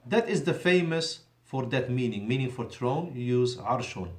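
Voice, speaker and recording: Brief: male teacher, mid-pitched voice, deliberate classroom delivery, roomy echo. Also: lively intonation. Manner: deliberate, drawn-out emphasis on key words; switches between Arabic and English, self-correcting. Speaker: Arabic teacher. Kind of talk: classroom lesson. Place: mosque classroom. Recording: echoey room.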